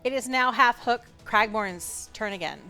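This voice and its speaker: A woman narrating as game master of a tabletop game, relaxed and chatty, with lots of fillers and laughs. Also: on the high side, moderate pace, faint music behind.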